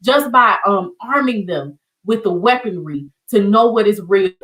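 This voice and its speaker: A middle-aged woman with a Southern US accent leads an online lesson, talking to her viewers like friends. She calls them y'all and keeps her tone warm and encouraging. Her voice sits slightly back from the microphone. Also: mid-range voice, lively intonation, unhurried, distant mic, low-quality recording. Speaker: online community show host. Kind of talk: casual livestream teaching.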